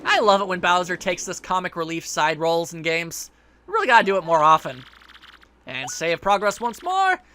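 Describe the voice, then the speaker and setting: A man's voice: sits high, very animated, moderate pace, sharp tone. A man giving casual, joking commentary while playing a video game, rambling playfully. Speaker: let's play commentator.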